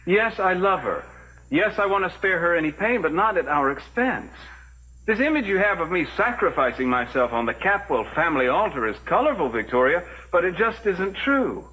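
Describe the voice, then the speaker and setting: An earnest fiancé in a 1980s TV soap opera, with a lively, expressive voice and a bright tone. He speaks in an articulate, measured way. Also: a little high, poor audio.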